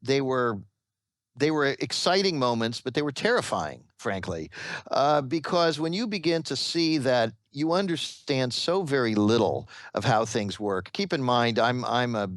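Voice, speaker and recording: A man who is an author, giving long answers in a radio interview, halting often with restarts and fillers. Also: mid-range voice, animated, fairly bright tone, no room sound. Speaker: author and guest.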